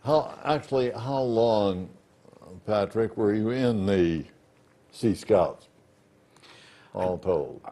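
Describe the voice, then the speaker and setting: A male interviewer with a low, mellow voice. He speaks slowly and asks his questions in a halting, unhurried way.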